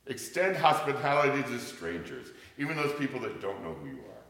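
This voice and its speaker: An older male pastor preaching a sermon, telling stories animatedly and swinging from loud to hushed. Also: medium pitch, wildly swooping pitch, a little fast. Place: church sanctuary. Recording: echoey church hall.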